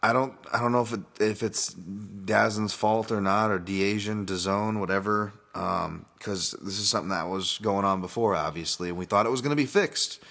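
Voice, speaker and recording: On his own fight podcast, this host and fight analyst speaks at a moderate pace with few pauses, in a lowish voice with a fairly bright tone. His casual talk wanders, full of profanity and frequent restarts.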